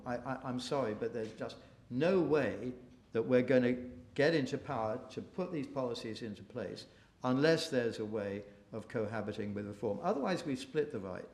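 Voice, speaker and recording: A man speaking at a policy briefing event, halting often with restarts and fillers, mocking opposing views. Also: mid-range voice. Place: event room. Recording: echoey room.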